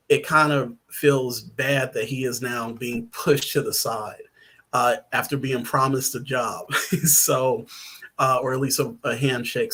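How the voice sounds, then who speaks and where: A man's voice: medium pitch, a bit bright, breathy edge. Rambling man chatting on a podcast. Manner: rambling with frequent ums and laughs. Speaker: podcast guest, writer. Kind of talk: casual podcast chat.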